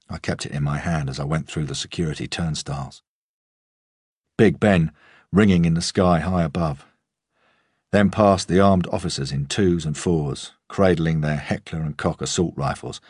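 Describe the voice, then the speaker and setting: A very deep, grainy male voice reads a crime story in the first person, measured and grave. He is recorded close on a studio mic with a completely dry sound and no room at all. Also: darkish tone, slightly rough, no echo. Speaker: audiobook narrator. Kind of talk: scripted narration.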